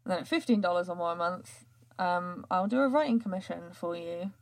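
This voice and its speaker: A woman's voice: on the low side, expressive, a little fast. A woman, hosting a podcast in casual chat, rambling with many fillers and frequent laughs. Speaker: podcast host and writer.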